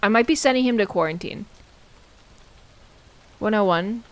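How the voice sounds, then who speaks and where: A woman streaming a game, chatting casually and playfully, mocking herself and exclaiming loudly when startled. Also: medium pitch, moderate pace. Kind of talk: casual gameplay commentary.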